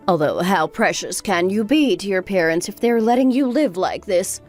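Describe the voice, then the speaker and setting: A woman playing a sharp-tongued, scornful older mother-in-law who talks in a sarcastic, scolding way. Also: mid-range voice. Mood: mocking. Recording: faint background music.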